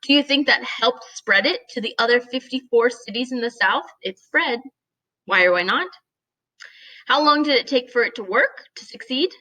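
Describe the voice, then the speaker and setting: A woman's voice: fairly high pitch, animated, normal speed, bright, forceful tone, rough recording. A young woman teacher recording a lesson for her students, explaining plainly and checking in with "right?" and "okay?" as she goes.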